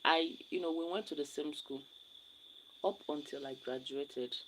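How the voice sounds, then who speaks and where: A woman's voice: deep voice, moderate pace, a little hiss or hum, poor audio. A young Nigerian woman with a Nigerian accent, chatting casually with viewers on a live stream and rambling, repeating her words.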